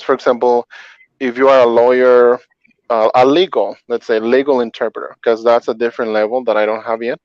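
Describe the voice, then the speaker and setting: A man's voice: mid-range voice, a little mellow, clean tone, no echo. A man who speaks Spanish as his first language, a call center interpreter talking through his answers in a casual interview, explaining with examples. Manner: chatty, explains with examples, filler-heavy. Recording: dull, dry muffled audio.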